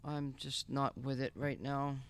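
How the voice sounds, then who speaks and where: A man's voice: medium pitch, level tone, measured pace, fairly bright tone. A man streaming a game live, muttering and swearing in frustration to himself. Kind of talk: live gameplay stream talk.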